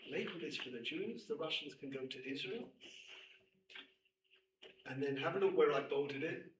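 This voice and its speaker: A middle-aged man, a rabbi, lecturing women students and telling a personal story with emphatic, animated delivery. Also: a little high, normal speed. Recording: echoey room, distant mic, faint noise.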